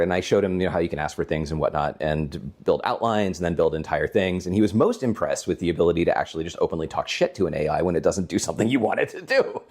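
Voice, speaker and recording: A man's voice: low voice, very animated, fast talker, a little mellow. A man co-hosting a gaming stream from home, telling long rambling stories in casual chat and chuckling often. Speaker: co-host of a gaming channel.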